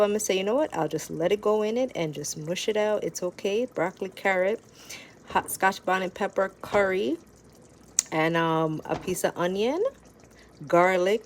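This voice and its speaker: A woman from Jamaica with a Jamaican accent, chatting casually to viewers in a home cooking vlog. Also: mid-range voice. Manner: chatty, addresses viewers as "people". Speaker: vlogger. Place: home kitchen.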